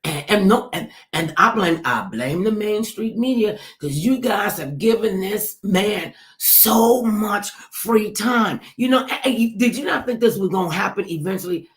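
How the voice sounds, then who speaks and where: A woman's voice: medium pitch, animated, unhurried, few pauses. A woman talk show host delivering an emphatic political commentary monologue, repeating herself and addressing listeners directly.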